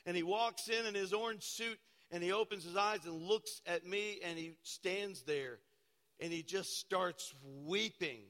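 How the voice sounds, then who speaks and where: A man, a pastor, preaching a sermon with dramatic storytelling that swings from loud to hushed. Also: sits high. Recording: long hall reverb.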